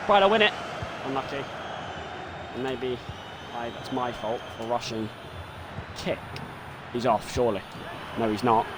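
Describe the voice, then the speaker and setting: A man commentating his own football video game live, muttering play-by-play and swearing and yelling when things go wrong. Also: fairly high pitch, noisy background.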